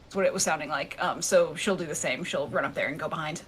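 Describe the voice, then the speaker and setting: A woman's voice: low-pitched, fast talker, slight background noise. A woman playing a tabletop game, thinking aloud as she plans her move. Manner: thinking aloud, careful planning. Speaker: player. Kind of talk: casual tabletop play.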